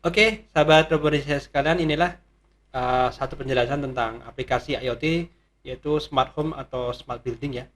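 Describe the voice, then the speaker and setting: A man hosting an educational tech channel talks casually to his viewers, relaxed, chuckling and pausing on fillers. His pitch sits in an ordinary middle range. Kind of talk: casual explanatory commentary.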